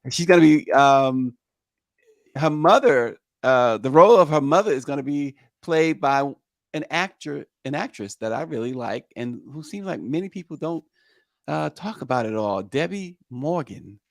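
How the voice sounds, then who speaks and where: A man's voice: fairly high pitch, lively intonation, normal speed, gravelly, dry recording, studio quality. A man hosting a morning news show, reading headlines and chatting loosely with many fillers and restarts. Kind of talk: news talk and casual commentary.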